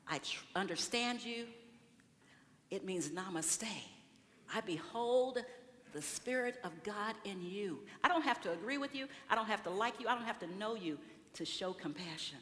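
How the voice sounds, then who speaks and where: In a large church sanctuary, a woman preaches with a medium-pitched, bright, forceful voice, keeping things conversational by asking the congregation questions and acting out what people say. The hall reverberates, and faint room noise is audible.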